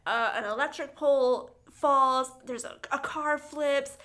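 A woman's voice: high voice, fairly even intonation, unhurried, fairly bright tone. A woman co-hosting a podcast, animatedly recapping a film with laughter and swearing. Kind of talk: casual chat.

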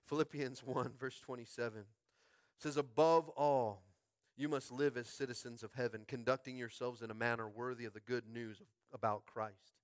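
A man preaching a sermon as pastor, fervent and calling out to his congregation, swinging from quiet musing to shouted climaxes. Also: mid-range voice, steady tone, moderate pace, no echo, clean studio sound. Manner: calls out to the congregation. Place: school space used as a church.

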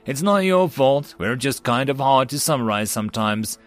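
A man's voice: medium pitch, lively intonation, moderate pace, soft background music, lightly acted. A man doing a wry, exasperated human woman.

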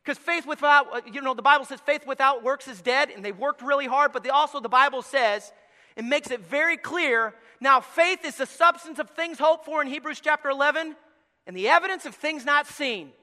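A man preaching a sermon as pastor, telling the story with acted-out voices, going from quiet asides to loud shouts. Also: very high-pitched, a little fast. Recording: long hall reverb.

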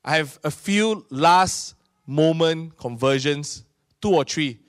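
A middle-aged man with a Singaporean English accent, preaching a sermon in an animated storytelling manner. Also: fairly high pitch, takes it slowly, smooth, no room sound, studio quality. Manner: animated storytelling, acting out voices of people in his stories. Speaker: pastor.

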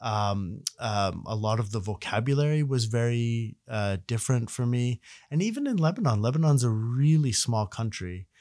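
A middle-aged man from Canada talks as a guest in an easy, conversational way. He grows animated, restarts his sentences and fills the gaps with ums. His voice sits at an ordinary pitch and sounds close and dry. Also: moderate pace, hardly any pauses, no echo. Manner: animated, self-correcting, frequent fillers. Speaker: guest, researcher. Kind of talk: casual conversational storytelling.

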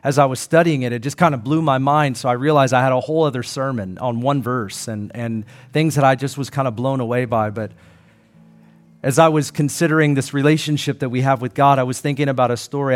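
A man's voice: mid-range voice, fairly quick. A middle-aged man preaching a sermon, earnest and conversational, acting out quoted voices. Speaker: pastor.

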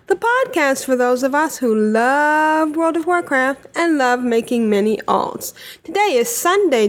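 Upbeat woman podcast host, slightly high voice, chatty. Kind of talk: casual podcast chat.

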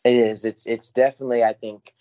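A man's voice: mid-range voice, little pitch movement, brisk, warm tone. A man co-hosting a casual podcast discussion, talking effusively and often repeating words while he searches for phrasing. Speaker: podcast co-host.

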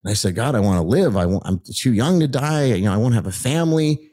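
A middle-aged man telling his life story as a guest in an animated, excited way, acting out the people he met. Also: medium pitch, fast talker.

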